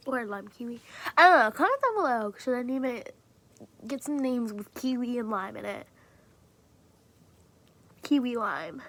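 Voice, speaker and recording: A woman's voice: a little high, animated, a little slow, pauses often, a bit bright. A woman vlogger chatting casually to camera about her fidget toys, rambling, swearing freely and often dropping into a whisper.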